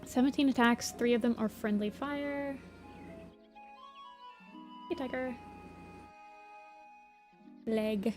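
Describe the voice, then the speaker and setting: A woman's voice: on the high side, slow, pauses often, a little mellow, soft background music. Chatty woman streaming her drawing. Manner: reads chat aloud and answers it. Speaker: art streamer. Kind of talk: casual livestream chat while drawing.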